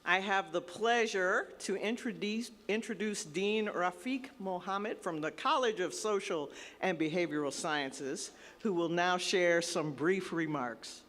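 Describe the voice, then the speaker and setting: A woman professor leading a ceremony, speaking a solemn libation and an introduction in a measured way. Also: on the low side, fairly bright tone. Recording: long reverb of a large hall.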